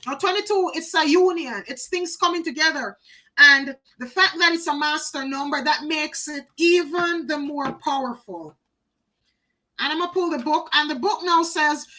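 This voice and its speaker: A woman's voice: high-pitched, normal speed, bright, forceful tone, poor audio. A woman doing a live oracle card reading, chatty, talking to viewers by name and repeating phrases for emphasis.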